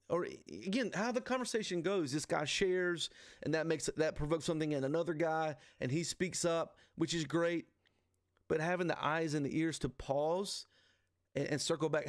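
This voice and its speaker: Earnest, somewhat high-voiced male preacher. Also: moderate pace, no echo, clean studio sound. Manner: earnest, casual, peppered with "dude" and "man". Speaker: host leading a men's ministry livestream. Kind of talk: conversational faith teaching. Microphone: livestream microphone.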